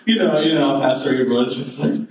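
A man's voice: medium pitch, fairly quick. A man, a pastor, telling a personal story in a sermon and building to fervent preaching. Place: church sanctuary. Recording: very echoey hall, mic at a distance.

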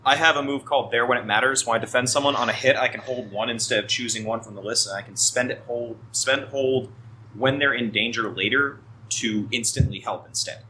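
A man's voice: medium pitch, fairly even intonation, a little fast, sharp tone, a little hiss or hum, rough recording. A man playing a tabletop game, talking casually and hesitantly with plenty of fillers. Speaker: player.

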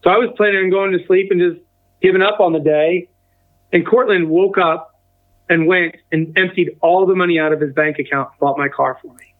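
A man in his forties with a fairly high voice tells his own story as an interview guest. He slips into the voices of the people he quotes. The sound is narrow and tinny, like a remote phone line. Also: brisk. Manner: acts out quoted dialogue with a lively shift in tone. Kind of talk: casual personal storytelling.

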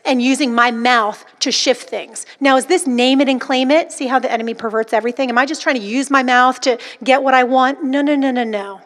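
Woman preacher, high voice, emphatic and dramatic delivery. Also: a little fast, hardly any pauses, fairly bright tone. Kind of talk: sermon.

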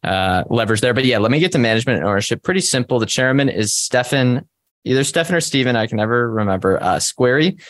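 A man co-hosting a casual podcast, talking in a measured, conversational way with frequent fillers. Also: on the low side, no echo, studio quality. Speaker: podcast co-host. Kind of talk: casual investing discussion.

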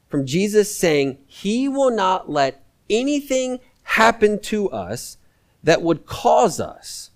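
Man, guest preacher, sermon, conversational, repeats lines for emphasis, fairly high voice.

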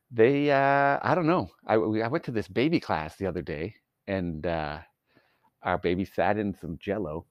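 A man's voice: on the low side, no echo, muffled recording. Profane, exasperated man ranting solo. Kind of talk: solo rant.

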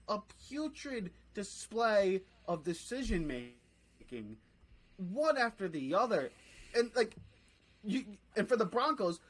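A man co-hosting a casual sports podcast, worked up and ranting with loose swearing. His voice sits high and leaps around with animated swings in pitch. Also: slightly rough, poor audio. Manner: fired-up ranting; swears freely. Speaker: podcast co-host.

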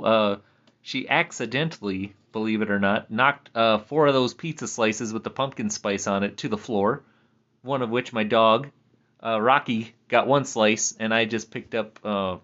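Man, casual rambling chat, laughs a lot, mid-pitched, slightly muffled lo-fi sound. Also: fairly bright tone. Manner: chatty, laughs often, jokey pitch swings. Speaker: vlogger. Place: at home.

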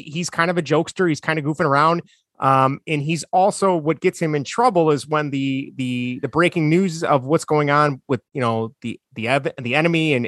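A man's voice: on the high side, fairly bright tone, no echo, clean studio sound. A man co-hosting a casual movie chat, chatty and explaining at length. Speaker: podcast co-host.

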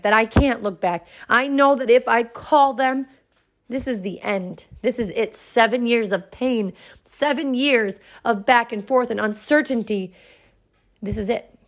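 This podcast host, a woman in her thirties, reflects earnestly on something from her own life, building tension with dramatic pauses. She speaks on the higher side, with a gravelly texture.

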